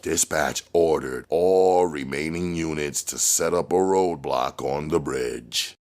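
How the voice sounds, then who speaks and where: A man narrating an action novel aloud in a measured way that climbs on dramatic moments. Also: rumbling low, darkish tone. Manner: measured, rising on action beats. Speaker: audiobook reader.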